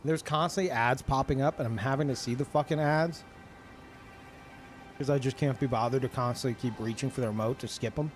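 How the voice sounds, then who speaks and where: A man streaming live in casual chat, ranting in an animated and profane way. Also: medium pitch, brisk, soft background music.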